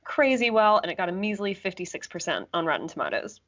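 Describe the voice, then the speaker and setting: A woman's voice: mid-range voice, big pitch swings, quick pace, a bit bright. Teasing young woman, dry podcast humor. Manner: teasing and dry, laughs often. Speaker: podcast co-host. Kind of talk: casual chat. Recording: dull lo-fi sound.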